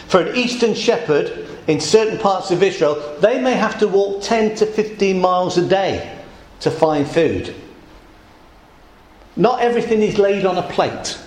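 Guy preaching, voice a bit high, chatty, lots of room echo. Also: a little mellow, a little hiss or hum. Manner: conversational, asks the congregation questions. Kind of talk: sermon. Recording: echoey church room.

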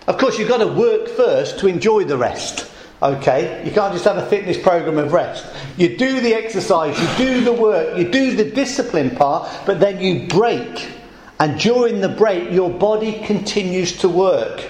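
Guy preaching, voice a bit high, chatty, lots of room echo. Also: lively intonation, moderate pace, a little mellow, slight background noise. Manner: conversational, asks the congregation questions. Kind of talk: sermon. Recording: echoey church room.

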